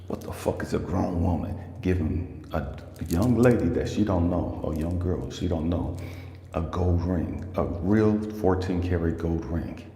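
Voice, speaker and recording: Profane, preachy young male coach, deep and gravelly voice, roomy reverb. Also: a little slow, warm tone. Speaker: life coach and speaker. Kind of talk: casual storytelling rant to camera. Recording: echoey room with long reverb, faint ambience.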